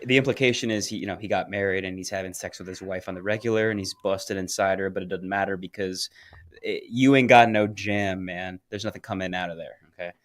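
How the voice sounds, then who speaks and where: A man co-hosting a podcast, telling a crude story in casual chat and getting loud when he quotes people. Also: low voice, steady tone, fast, no room sound. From Florida. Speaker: podcast co-host.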